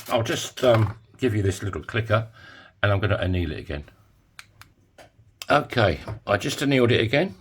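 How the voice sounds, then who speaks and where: A man's voice: fairly low pitch, slightly rough. A man giving a casual DIY tutorial in his home workshop, chatty and jokey with self-mocking asides. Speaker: coin ring maker.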